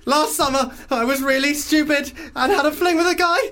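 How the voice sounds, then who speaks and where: A man putting on the voice of a panicked young woman being chased through the woods, reading a letter in high gasps and shrieks, out of breath. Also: brisk, pushed and bright.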